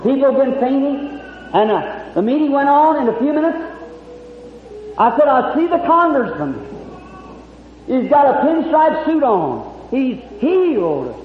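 A man's voice: very high-pitched, very animated, unhurried, long pauses, a little hiss or hum. A man preaching a testimony sermon at a live meeting, telling his story fervently and acting out the dialogue. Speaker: evangelist preacher. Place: large hall at a revival meeting. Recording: lo-fi phone-like archival recording in an echoey hall.

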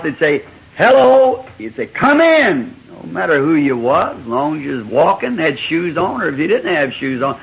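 A preacher with a husky, slightly raised voice spins a rambling, homespun tale from the pulpit and chuckles along the way. The sound is muffled and lo-fi, like an old tape of a sermon. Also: male voice, a little high. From Southern United States. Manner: folksy, rambling anecdote with frequent chuckles. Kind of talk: sermon storytelling.

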